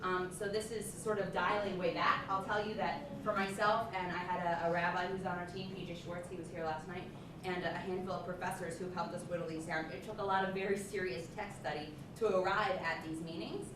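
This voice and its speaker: A woman presenting a hands-on workshop to early childhood teachers, lively and encouraging, often saying um. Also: fairly low pitch, a little fast. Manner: lively, encouraging, with frequent ums. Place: large room with a group. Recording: echoey, distant, noisy room recording.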